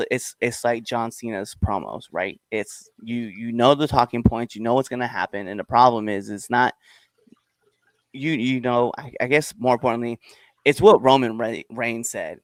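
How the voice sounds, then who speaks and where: A man's voice: mid-range voice, normal speed, no room sound. A man hosting a wrestling podcast, chatting casually and animatedly, rambling with lots of "bro" and "hundred percent". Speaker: podcast host.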